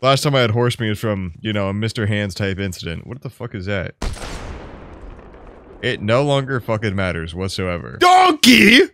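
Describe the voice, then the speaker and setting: A young man doing game commentary, swearing all the time and swinging from low mutters to sudden loud yells. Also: clean tone, no echo. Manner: profane, jumps from mumbling to yelling. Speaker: gaming YouTuber.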